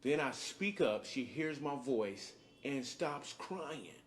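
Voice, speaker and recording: A man, a comedian and father, narrating a faith video in a relaxed, enthusiastic, conversational way. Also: mid-range voice, slow pace, slight background noise. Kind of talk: video testimony.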